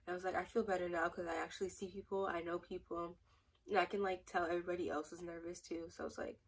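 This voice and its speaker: A young woman tells a rambling, chatty story in a casual vlog, full of "like" and restarts. Her voice sits a little low and sounds husky, and she is set back from the mic. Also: flat delivery, fast talker, recorded from a distance, rough recording. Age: young adult. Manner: rambling, chatty, lots of fillers. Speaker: vlogger.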